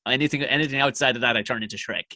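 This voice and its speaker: An Irish man telling profane, animated stories as a comedian guest in casual chat. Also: mid-range voice, very fast. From Ireland.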